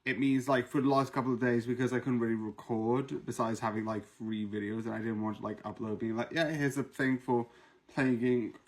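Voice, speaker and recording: A man's voice: medium pitch, level tone, quick pace, hardly any pauses. A man from Britain reviewing a show in a casual vlog, rambling with many fillers and restarts. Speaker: video reviewer and streamer.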